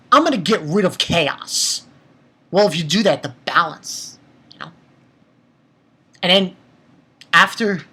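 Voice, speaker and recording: Man, anime reviewer, slow unhurried delivery, swears freely, stammers and restarts, emotional casual rant. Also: high voice, pushed and bright, breathy edge. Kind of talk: casual spoken episode review.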